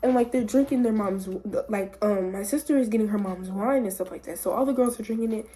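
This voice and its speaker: A young woman vlogger telling a story in a casual, rambling, excitable way, full of filler words. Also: medium pitch, fairly quick.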